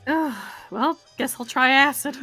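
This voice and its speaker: A woman chatting casually on a stream, loud and excitable, swearing freely. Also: sits high, a little slow, music in the background.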